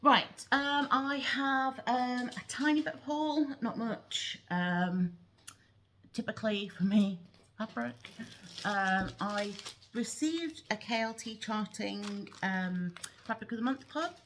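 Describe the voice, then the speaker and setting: A woman in her thirties chatting casually in a craft vlog, rambling and filling pauses with ums. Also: fairly high pitch, fairly bright tone, slight background noise. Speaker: cross-stitch vlogger. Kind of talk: casual show-and-tell chat. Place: at home.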